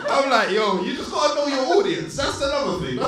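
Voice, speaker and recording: Male comedy judge, high lively voice, teasing banter, echoey club with crowd. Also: a little fast. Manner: laughing, teasing, animated. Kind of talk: live stand-up feedback banter. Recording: echoey club, distant mic, loud crowd.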